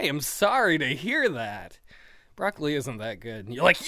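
A man's voice: fairly high pitch, very animated, brisk, pushed and bright, dry recording, studio quality. A young man doing improvised stand-up comedy alone, rambling and self-mocking, laughing at his own jokes. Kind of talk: improvised solo stand-up without audience.

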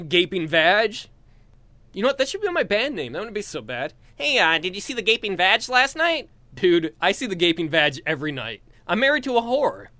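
A young West Virginian man with a West Virginia accent does a crude stand-up set, leaping into shrill put-on voices. His tone is sharp and the recording dry.

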